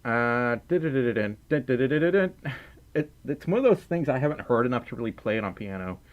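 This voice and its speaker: Giggly Southern-accented male streamer, goofy casual chat, voice bouncing high and low. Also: very animated, fast, lo-fi sound. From Mississippi, US South. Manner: silly, giggly, reads donations aloud. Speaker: livestream host. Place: indoors at home, wearing a fursuit head.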